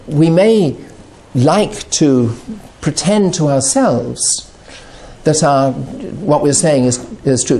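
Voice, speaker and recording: Give me a mellow, slightly high-pitched middle-aged man giving a reflective talk on addiction. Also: takes it slowly. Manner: animated, acts out quoted voices. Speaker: addiction recovery speaker.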